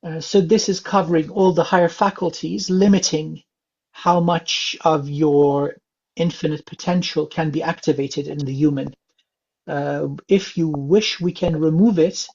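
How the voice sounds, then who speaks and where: A man gives a calm, unhurried spiritual reading in a gravelly, somewhat husky voice, his speech full of soft filler sounds. The recording is dull and lo-fi. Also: on the high side. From England. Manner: calm, gentle, many filler uhs. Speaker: spiritual reader. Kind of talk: psychic reading session.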